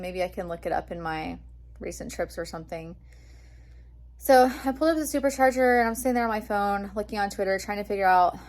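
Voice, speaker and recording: A young woman vlogging, telling an excited story in a chatty way with lots of fillers. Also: mid-range voice. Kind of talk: casual storytelling vlog.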